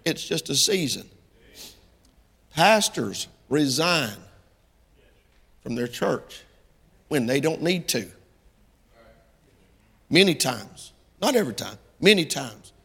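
A middle-aged man preaches in a folksy, plain-spoken style that swells into impassioned cries. His voice sits high and has a bright, gravelly edge. It rings through a hall with a long reverb. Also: very animated, slow pace, long pauses. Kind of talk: sermon.

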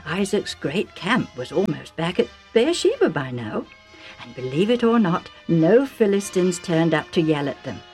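A woman narrating a storybook for children, chatty and warm, with asides to the listener. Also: on the low side, sing-song, unhurried, faint music behind.

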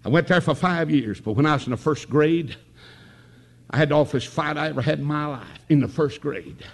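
An older man from the North Carolina mountains with an Appalachian accent, preaching a revival sermon with folksy stories that rise into shouted praise. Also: fairly high pitch, fairly quick.

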